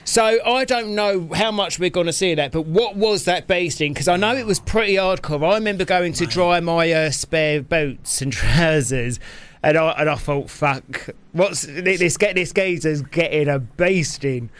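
A man, relaxed in casual chat, asking questions. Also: a little high, moderate pace, smooth.

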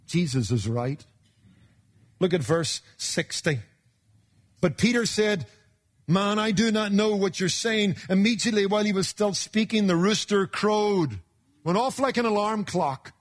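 A man preaching a sermon in an emphatic, folksy way, swinging between loud bursts and hushed asides. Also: high-pitched.

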